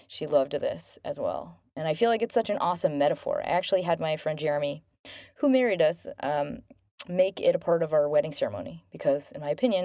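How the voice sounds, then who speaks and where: A woman in her thirties hosting a self-help podcast, talking gently and earnestly about relationships. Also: deep voice, vocal fry, dry recording. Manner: gentle, earnest, bubbly when thanking listeners. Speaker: podcast host.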